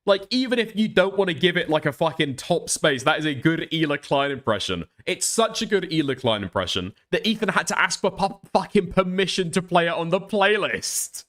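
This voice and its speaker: A male streamer reacting to clips, swearing freely and sounding openly incredulous. His voice sits a little high and jumps all over in pitch, sliding from mutters to sudden exclamations. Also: brisk, hardly any pauses. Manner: profane, incredulous, animated. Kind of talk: reaction commentary.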